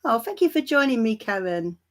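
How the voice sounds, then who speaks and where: A woman hosting a tarot live stream, chatting warmly and calling viewers darling and my love. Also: fairly high pitch, sing-song, a little fast. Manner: laughs lightly between remarks. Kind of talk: casual livestream chat greeting viewers.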